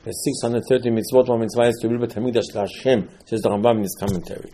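A man's voice: medium pitch, fairly even intonation, fast talker, warm tone, a little hiss or hum. A man giving a sermon on scripture, telling the stories with animation, acting out the quotes and repeating key words for emphasis. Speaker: religious teacher.

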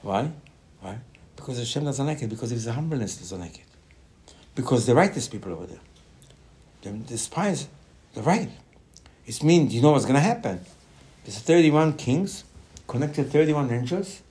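A man giving a Torah class in animated, non-native English, often repeating his words and jumping up in pitch. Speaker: Torah teacher.

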